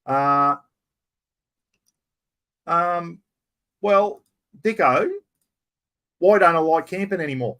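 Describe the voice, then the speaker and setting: A middle-aged Australian man with a voice sitting a little high for a man chats straight to his viewers on a live stream. He is blunt and rough-spoken, with a matey, no-nonsense manner as he fields questions from the chat. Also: slow pace, pauses often, a bit bright. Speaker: livestream host answering viewer questions.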